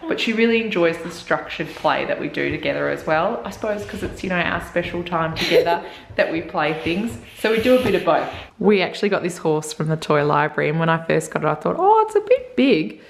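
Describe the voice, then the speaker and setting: A young Australian woman narrating a home parenting vlog in a soft, hushed voice. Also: low voice, brisk, gravelly, a little hiss or hum. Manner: soft, hushed voice, keeping quiet for someone asleep. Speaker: parenting vlogger. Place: family home. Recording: roomy and distant with music behind.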